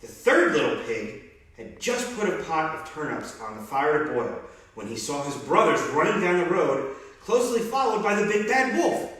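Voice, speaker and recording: Expressive man reading a children's book. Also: on the high side, moderate pace, recorded from a distance. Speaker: police officer. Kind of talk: reading a children's story aloud. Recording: very echoey room, off-mic.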